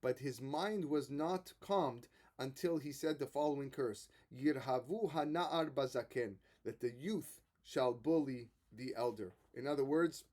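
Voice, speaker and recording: A man who is a rabbi giving a Torah lesson, retelling the stories with animated quoted voices and frequent restarts. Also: mid-range voice, unhurried.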